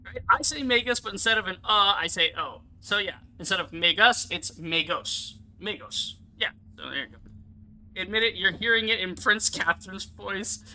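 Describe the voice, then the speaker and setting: A young American man giving casual, rambling gameplay commentary, excitable and swearing freely. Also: high voice, a little fast, rough recording. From United States. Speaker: let's play YouTuber.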